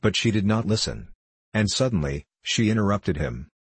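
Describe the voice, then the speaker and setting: A man narrating a classic tale as an audiobook in a measured, even storytelling manner. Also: on the low side, husky, dry recording.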